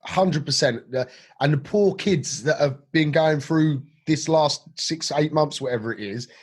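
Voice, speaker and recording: Middle-aged host, slightly husky, casual and laughing often. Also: male voice, fairly high pitch, a little slow. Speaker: podcast host. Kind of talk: casual podcast chat.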